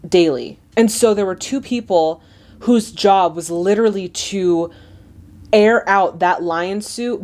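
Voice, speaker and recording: A woman's voice: medium pitch, a little mellow. Chatty young woman reacting to a movie. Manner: chatty, lots of "like" fillers, laughs often. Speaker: host of a movie reaction channel. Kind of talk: casual reaction commentary.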